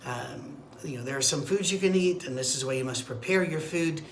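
A man with a mid-range, brisk voice leads a midweek Bible study as an informal teaching sermon, wandering off on tangents with fillers and restarts. The recording has roomy echo, faint ambience and a little hiss or hum.

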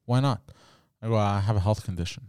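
Man, podcast co-host, smooth clear voice, dry close sound, casual banter, plays out dialogue. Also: on the low side, quick pace, darkish tone, dry recording. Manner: storytelling, acts out both sides of conversations, swears freely.

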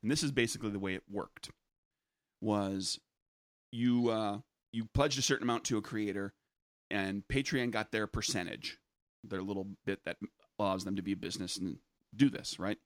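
A man's voice: lowish voice, normal speed, dry recording. A man co-hosting a podcast, explaining news at length in casual chat with many restarts. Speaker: podcast co-host.

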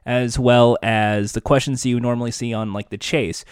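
A man co-hosting a casual talk show, chatty and animated, explaining things and slipping into voices. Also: medium pitch, normal speed, clean tone, no echo, studio quality. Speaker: podcast co-host. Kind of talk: casual chat.

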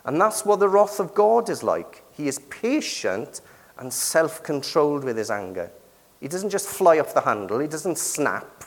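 A man's voice: fairly high pitch, very animated, a little slow. A middle-aged man with a British accent preaching a sermon in a conversational way, often asking the congregation questions. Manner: conversational, asks the congregation questions with frequent tag questions. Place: church. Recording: long reverb of a church hall.

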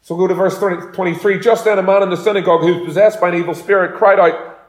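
A man's voice: sits high, fairly even intonation, fast talker. A man preaching a sermon as pastor, talking in a conversational way and telling homely stories. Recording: echoey room.

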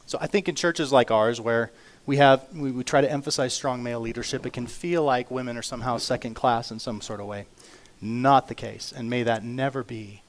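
A man preaching a sermon as pastor, earnest and emphatic, swinging between loud declarations and quiet asides, slowing down to read scripture aloud. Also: mid-range voice, fairly even intonation. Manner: reads scripture aloud slowly.

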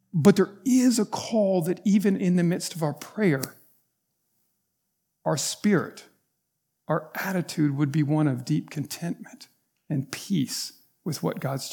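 Male pastor, slightly high voice, earnest sermon delivery that builds to emphatic points. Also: a little mellow. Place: church.

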